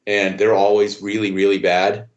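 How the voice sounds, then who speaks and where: A man's voice: fairly low pitch, flat delivery, normal speed, highs cut off. A man talking as a podcast guest in a rambling, casual way, full of "you know" and freely swearing. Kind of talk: casual conversation. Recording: echoey room sound.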